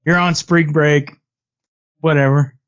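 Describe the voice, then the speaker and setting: A man's voice: fairly high pitch, steady tone, takes it slowly, smooth. A man co-hosting a casual podcast, sarcastic, telling a family story. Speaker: podcast co-host. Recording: dull lo-fi podcast audio.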